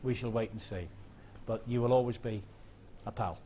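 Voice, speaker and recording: A man's voice: mid-range voice, moderate pace, mellow, slight background noise. A man presenting a sports show, jovial and teasing in studio banter with his co-host.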